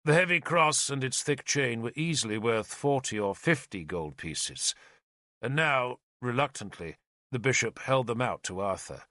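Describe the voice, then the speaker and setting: Bright, lively male audiobook narrator. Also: medium pitch, moderate pace, dry recording, studio quality. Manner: expressive, lively storytelling.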